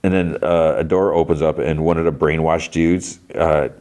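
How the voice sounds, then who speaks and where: A man hosting a podcast, casually recapping a TV episode in a rambling way, full of fillers and quick quoted lines. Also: rumbling low, steady tone, darkish tone. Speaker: podcast host.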